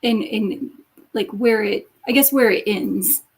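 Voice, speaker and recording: A woman in a casual video call chat who speaks haltingly, often repeating herself as she searches for words. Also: mid-range voice, creaky, husky. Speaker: writing group member.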